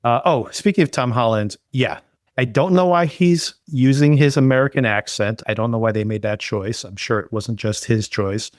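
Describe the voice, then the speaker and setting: A man's voice: medium pitch, moderate pace, dry recording, clean studio sound. A man co-hosting a podcast, enthusiastically reviewing a film in casual chat, rambling with lots of fillers. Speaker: podcast co-host.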